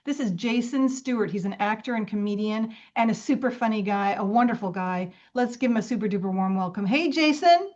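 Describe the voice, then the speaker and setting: A woman's voice: medium pitch, fairly quick, few pauses, darkish tone. A woman hosting an interview show, who greets and praises her guest effusively. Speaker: host. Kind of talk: interview host chat. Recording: dull lo-fi audio.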